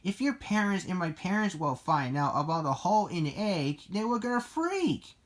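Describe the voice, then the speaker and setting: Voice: mid-range voice, very animated, normal speed, pitched above the performer's own voice, natural voice. A reader voicing a nervous, loyal young jackal pup in a storybook reading, with a timid, whimpering delivery.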